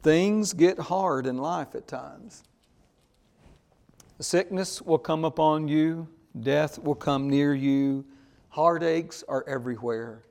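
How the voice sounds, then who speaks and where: Slow, emphatic male preacher. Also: on the high side, vocal fry, darkish tone. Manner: slow, emphatic preaching with call-and-response "Amen?". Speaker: pastor. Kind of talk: sermon.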